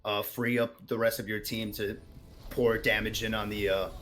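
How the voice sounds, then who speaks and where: A man's voice: lowish voice, flat delivery, moderate pace, fairly bright tone. Analytical male esports color commentator. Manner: analytical, explains tactics like a coach.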